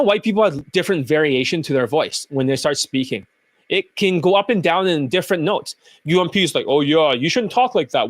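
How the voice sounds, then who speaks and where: A man's voice: on the high side, dry recording. A man hosting his own channel as a dating coach, giving blunt, profane, combative commentary over clips.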